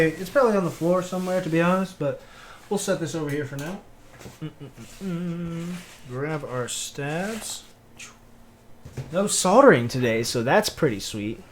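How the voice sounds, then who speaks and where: A man's voice: fairly high pitch, a little hiss or hum. A man from Tennessee with a Southern accent, chatting casually with viewers on a livestream while he works, greeting people and humming to himself. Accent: Southern American (Tennessee). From Tennessee, USA. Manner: laid-back, greets viewers, mutters and hums while working.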